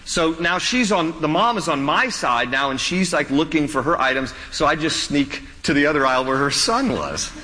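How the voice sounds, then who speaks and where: High, bright-voiced male pastor preaching. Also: animated, moderate pace, hardly any pauses, long reverb tail, slight background noise, poor audio. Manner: folksy, joking asides with frequent restarts. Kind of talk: sermon.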